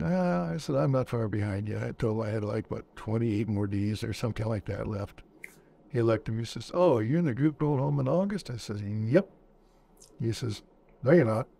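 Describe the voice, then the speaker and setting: A man's voice: lowish voice, gravelly, a little mellow, husky. A man in his seventies, a veteran interviewee, recounting war memories in a plainspoken storytelling manner and acting out old dialogue. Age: 70s.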